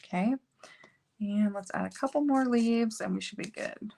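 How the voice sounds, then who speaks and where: A woman's voice: medium pitch, normal speed, gravelly, darkish tone, a little hiss or hum. A woman hosting a card-making video, chatting casually and thinking aloud as she works. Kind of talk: casual crafting tutorial chat.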